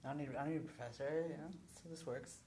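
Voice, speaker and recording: A man's voice: a little high, steady tone, very fast, darkish tone, a little hiss or hum. A man in a casual discussion pressing with follow-up questions.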